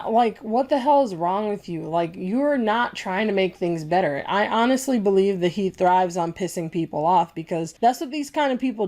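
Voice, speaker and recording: A woman's voice: medium pitch, warm tone. A young woman vlogger delivering an angry opinion rant, talking in a blunt, heated way and swearing freely.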